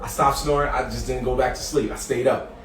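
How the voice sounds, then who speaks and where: A man co-hosting a podcast, telling a story in a casual, animated way and acting out quotes. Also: medium pitch, brisk. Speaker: podcast co-host. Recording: roomy, distant mic with faint noise.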